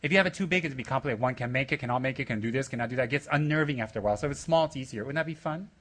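A man's voice: medium pitch, racing. A man teaching a group of students, joking and rudely teasing them, coaxing them with questions and laughing often. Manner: joking and playfully rude, laughing often, bursts of loud excitement; coaxing, asks the room questions. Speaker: spiritual teacher addressing his students. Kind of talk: teasing, rambling talk to a group.

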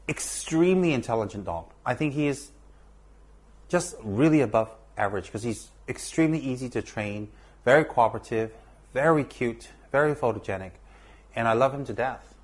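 A man telling a personal story in an earnest, measured way, repeating words for emphasis. He is a teacher with students at a monastery. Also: mid-range voice, lively intonation.

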